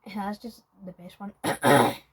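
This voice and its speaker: A woman's voice: mid-range voice, lively intonation, a little slow, slightly rough, poor audio. A woman giving a casual, rambling film review, full of hesitations and restarts.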